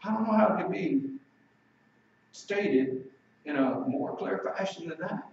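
An emphatic male preacher with a slightly high voice gives a sermon, slowing down when he reads scripture. The sound is very echoey and comes from some distance away. The recording is dull and muffled. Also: expressive, a little mellow, slight background noise.

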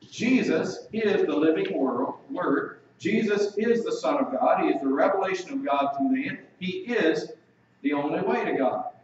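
An emphatic male preacher with a slightly high voice gives a sermon, slowing down when he reads scripture. The sound is very echoey and comes from some distance away. The recording is dull and muffled. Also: a little hiss or hum.

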